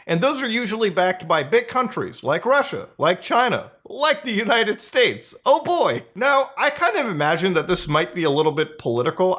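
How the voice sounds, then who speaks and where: A male host delivering loose, off-the-cuff commentary with a blunt, sarcastic edge. His voice sits a little high, and he swears freely and jumps upward in pitch to stress a point. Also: fairly bright tone. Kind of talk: casual commentary.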